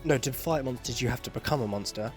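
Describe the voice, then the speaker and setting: A man's voice: medium pitch, fast talker, soft background music. Sarcastic man ranting. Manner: sarcastic, profane, exasperated. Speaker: podcast host. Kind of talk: casual podcast rant.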